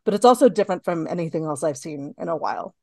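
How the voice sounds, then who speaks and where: A woman's voice: fairly low pitch, lively intonation, fast, mellow, dry recording, studio quality. A woman co-hosting a podcast, chatting casually about movies, with frequent laughs and fillers. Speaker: podcast co-host.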